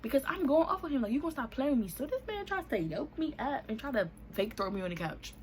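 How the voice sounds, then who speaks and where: A woman's voice: high voice, big pitch swings, brisk, slight background noise. A young woman, casually telling a storytime vlog and acting out the people in it with raised voices. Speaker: vlogger.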